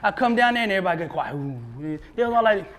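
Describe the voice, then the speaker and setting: High-voiced, animated storytelling man. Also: fast, noisy background. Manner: animated, laughing, slangy storyteller acting out dialogue. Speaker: motivational speaker. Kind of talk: live motivational storytelling.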